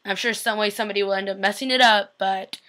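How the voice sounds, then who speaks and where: A woman's voice: medium pitch, fairly even intonation, fast talker, pushed and bright. A young woman chatting casually in a vlog, recapping a TV episode and acting out lines as she goes. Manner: chatty and gushing, acts out quotes. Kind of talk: casual chat.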